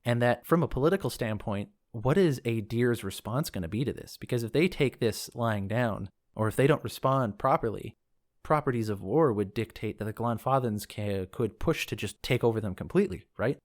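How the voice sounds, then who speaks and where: A man's voice: medium pitch, expressive, normal speed. A man hosting a lore podcast, reading from a book and wandering into casual asides as he thinks aloud. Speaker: podcast host discussing game lore.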